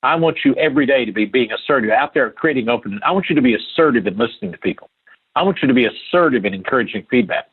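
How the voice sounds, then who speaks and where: Over a thin line that sounds like a phone, a husky, breathy older man from Appalachia shares personal stories as a guest on a podcast. He speaks with earnest emphasis and circles back to key phrases. His medium-pitched delivery is expressive and rapid-fire.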